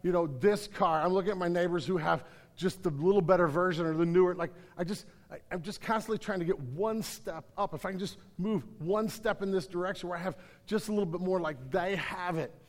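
Male pastor, high voice, earnest sermon delivery with restarts, large reverberant room. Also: brisk. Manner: earnest, repeats words, rises to emphatic then drops low. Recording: hall reverb.

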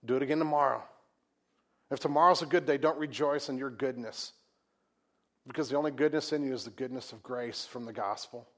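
Man preaching a sermon, goes big and loud then drops real quiet, repeats himself a lot. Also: medium pitch, a little fast. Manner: swings from loud emphatic preaching to quiet hushed asides; conversational, repeats words and restarts. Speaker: pastor.

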